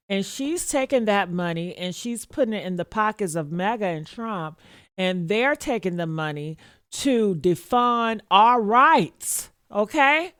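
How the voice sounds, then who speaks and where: A woman's voice: medium pitch, fairly bright tone, clean tone, no echo, clean studio sound. A woman giving casual reaction commentary, sassy and mocking, laughing often and talking straight to her viewers.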